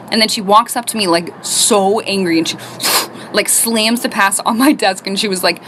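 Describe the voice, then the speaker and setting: A woman's voice: medium pitch, fairly quick, fairly bright tone. A young woman casually telling a storytime, laughing now and then. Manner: chatty, laughs while telling. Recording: clear background noise.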